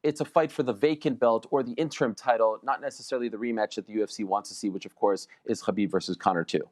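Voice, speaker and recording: A man talking as a guest in an animated sports debate, boastful and emphatic, repeating phrases for effect. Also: fairly low pitch, fast. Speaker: combat sports reporter, guest.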